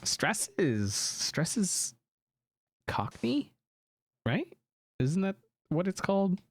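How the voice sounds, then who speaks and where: A man's voice: sits high, big pitch swings, takes it slowly, no echo. An American man streaming a game, chatting casually with viewers, rambling and correcting himself as he goes. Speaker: gaming streamer. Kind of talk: casual live-stream chat.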